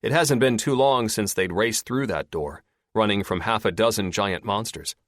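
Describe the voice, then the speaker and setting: A man narrating a paranormal audiobook in expressive scripted storytelling. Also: on the low side, normal speed, dry recording, clean studio sound.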